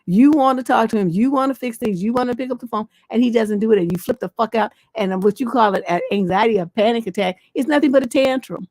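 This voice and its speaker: A woman's voice: on the high side, fast talker, hardly any pauses, darkish tone, no room sound. A woman hosting a live relationship advice show, answering letters in a blunt, scolding, profane manner. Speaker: relationship coach and livestream host.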